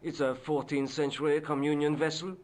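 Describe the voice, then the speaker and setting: An actor playing a learned, patient scholar who explains history in a measured way in a video game. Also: male voice, a little high, flat delivery, natural voice. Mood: explaining.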